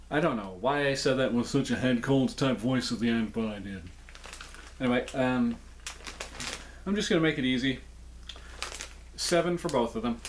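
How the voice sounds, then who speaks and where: A man's voice: mid-range voice, lively intonation, normal speed, pauses often, slight background noise. A man reviewing snacks in a casual, chatty way, with playful jokes and asides.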